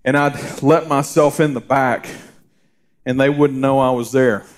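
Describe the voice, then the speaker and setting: A middle-aged man, preaching a casual, story-filled sermon with many fillers and restarts, sometimes dropping to a hushed voice. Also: medium pitch, fairly even intonation, measured pace. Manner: drops to a soft, hushed voice for reassurance. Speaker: pastor. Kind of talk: conversational sermon.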